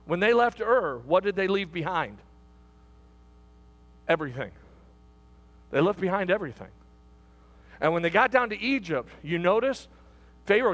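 Male pastor, high voice, middle-aged, conversational sermon, repeats himself, questions to the congregation. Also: a bit bright.

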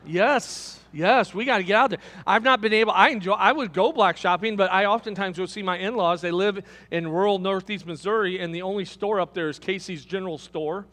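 A male pastor, preaching a sermon in an animated storytelling manner and asking the congregation questions. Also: high voice, a little fast, hardly any pauses, in a large hall.

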